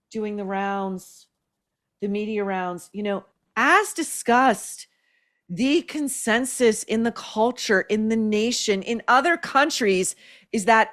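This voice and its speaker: A woman's voice: mid-range voice, fairly bright tone. A woman hosting an opinion show, blunt and scathing in her sarcastic commentary. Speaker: podcast host.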